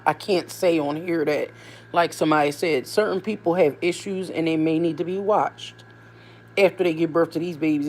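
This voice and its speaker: A woman vlogger and mother talking casually to her viewers, rambling from one thought to the next. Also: lowish voice. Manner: rambling, conversational, animated asides. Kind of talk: casual chat to camera.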